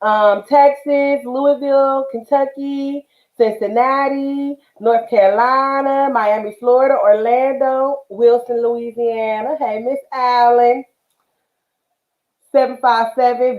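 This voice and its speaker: A woman from the Bay Area hosting a craft livestream, talking casually and affectionately with lots of fillers. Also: sits high. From Northern California, Bay Area. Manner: chatty, affectionate, many fillers. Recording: roomy, dull livestream audio.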